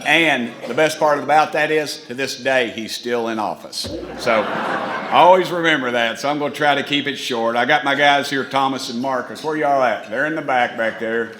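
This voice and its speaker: A man's voice: medium pitch, normal speed, fairly bright tone. Folksy East Tennessee man in a hall. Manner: folksy, rambling, self-mocking, with many restarts. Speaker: congressman giving a dinner speech. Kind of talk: folksy storytelling speech. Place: banquet hall. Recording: echoey hall, faint room noise.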